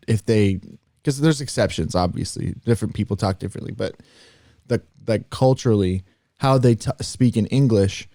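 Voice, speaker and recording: A man's voice: fairly low pitch, warm tone, no room sound, clean studio sound. A man co-hosting a podcast in casual chat, rambling through explanations and breaking into accent demonstrations. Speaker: podcast co-host.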